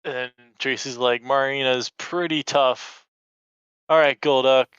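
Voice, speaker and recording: A man walks through a cartoon battle slowly and step by step in a bright, crisp voice. The recording is dry and close but dull and lo-fi. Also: mid-range voice, fairly even intonation, no echo. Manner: measured, step-by-step play-by-play. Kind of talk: casual episode recap.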